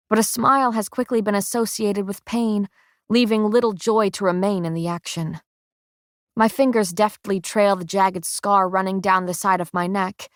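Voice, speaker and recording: A woman reads first-person narration for an audiobook in a steady, measured way. Her voice sits in the middle of the range, and the recording is close and dry, with no room sound. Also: medium pitch, no echo.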